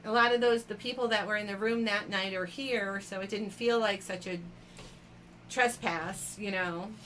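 Bright-voiced chatty woman auction host. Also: mid-range voice, fairly even intonation, normal speed, slight background noise. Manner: chatty, laughing often, addressing viewers by name. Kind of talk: casual live-stream chat.

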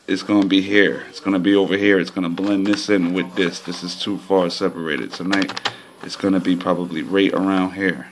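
Low gravelly man vlogging casually. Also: a little fast. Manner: excited and frustrated, pointing at a chart. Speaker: lottery system vlogger. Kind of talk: casual talk to camera.

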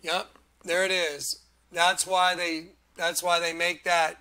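A man hosting his own online video, talking excitedly and preachily through images on his screen. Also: high voice, takes it slowly, smooth. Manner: animated and preachy, often laughing. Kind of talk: excited commentary over a screen recording.

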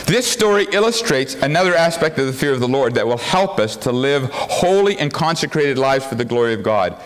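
A man's voice: mid-range voice, expressive, a little fast, slight background noise. A pastor preaching a sermon, earnest and tender in his storytelling, rising to fervent emphasis.

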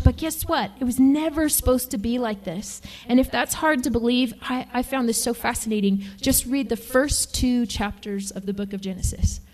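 A woman teaching a sermon at a women's retreat, talking in a chatty, animated way and acting out quoted voices. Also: fairly high pitch. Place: lodge meeting room.

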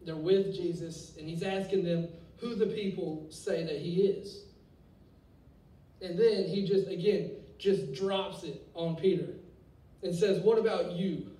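A young man preaching a sermon to students, with energetic, conversational delivery and casual asides. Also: sits high, takes it slowly, far from the mic. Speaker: youth pastor. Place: church hall. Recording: echoey hall, voice from off-mic.

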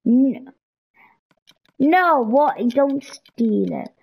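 A young woman chats her way through a video game on a headset mic. Her voice sits a little high and swoops widely as she squeals, pleads and bargains with the characters on screen. Between the outbursts she talks at an easy, drawn-out pace. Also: animated, gravelly, husky, dull audio. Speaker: gameplay streamer. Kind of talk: casual gaming commentary. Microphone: headset or console mic.

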